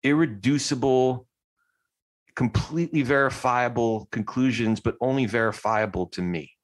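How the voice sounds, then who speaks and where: A man's voice: medium pitch, moderate pace. A man hosting a podcast interview, speaking thoughtfully with some hesitant restarts. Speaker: podcast host.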